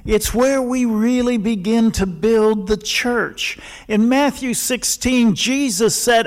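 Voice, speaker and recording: High-voiced, slow-preaching male pastor. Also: poor audio. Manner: emphatic, repeats short declarative lines. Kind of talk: sermon.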